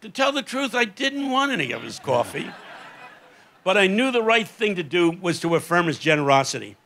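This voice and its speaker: A man's voice: high voice, big pitch swings, normal speed, bright, forceful tone, a little hiss or hum. An older man preaching a sermon on a festival stage, telling stories with impassioned emphasis. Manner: impassioned storytelling, rising to emphatic peaks.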